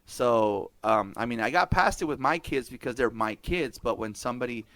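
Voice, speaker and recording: A man's voice: mid-range voice, animated, normal speed, fairly bright tone, no echo. A middle-aged man hosting a podcast, telling stories in casual chat, swearing freely, laughing often and dropping Spanish words. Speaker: podcast host.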